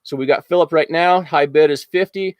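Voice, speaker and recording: Man, livestream auction host, upbeat and rambling, fairly high voice, dry sound. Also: a little fast, dry recording. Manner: rambling, upbeat, frequent fillers. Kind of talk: casual live-stream auctioneering. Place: outdoors at home after rain.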